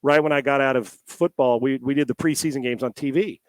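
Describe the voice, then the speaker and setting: A middle-aged man, a former quarterback, telling a long story as a podcast guest from home on a headset mic. He talks in a lively, rambling way, with many restarts and the odd swear word. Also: mid-range voice, a little fast, no room sound. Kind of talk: storytelling in a casual interview.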